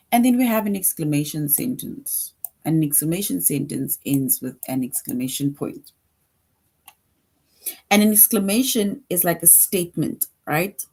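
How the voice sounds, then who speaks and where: Slow, patient woman teaching young children. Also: on the low side, dark tone. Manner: slow, patient, repeats points with frequent "right?". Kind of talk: online lesson for young children.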